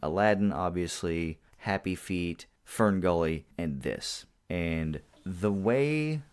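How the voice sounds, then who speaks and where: A man in his forties talks in a casual podcast chat with a very low voice. He speeds up in animated bursts and chuckles at his own jokes. He sounds relaxed and enthusiastic. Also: slow, clean tone. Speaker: podcast co-host.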